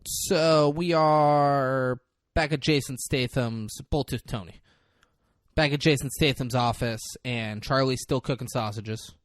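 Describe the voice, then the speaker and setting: A podcast co-host recaps a film in casual conversation, speaking unhurriedly in a mid-range voice. The studio-quality recording has no room sound. He retells the story with animation, acting out characters' lines complete with swearing.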